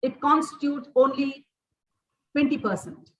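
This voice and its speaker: High-voiced woman lecturing in echoey room. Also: a little slow, fairly bright tone, far from the mic. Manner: repeats and restarts phrases, list-like delivery. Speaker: workshop resource person. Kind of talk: lecture to teachers.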